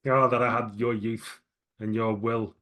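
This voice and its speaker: A man's voice: mid-range voice, little pitch movement, measured pace, bright, forceful tone. A man voicing an older, pious male priest who laments his lost youth, solemn and regretful. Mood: lamenting.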